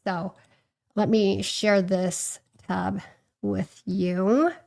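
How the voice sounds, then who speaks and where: A woman's voice: medium pitch, steady tone, very slow, gravelly, a little mellow. A woman hosting a casual livestream, chatting and thinking aloud with lots of fillers and restarts. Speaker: livestream host.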